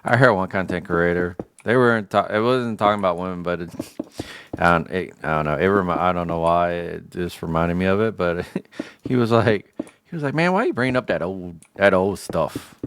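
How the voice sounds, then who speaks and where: A man's voice: sits low, moderate pace, a bit bright, clear, resonant tone, no room sound. A man livestreaming a game, chatting casually in a slangy, joking rant. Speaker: gaming livestreamer. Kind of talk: casual chat while gaming.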